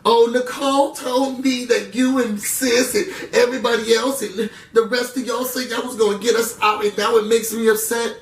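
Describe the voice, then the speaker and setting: A man's voice: very high voice, fairly even intonation, moderate pace, few pauses, reverberant, far from the mic, pitched above the performer's own voice. A man mimicking an upset young woman houseguest who complains in a whiny, aggrieved tone.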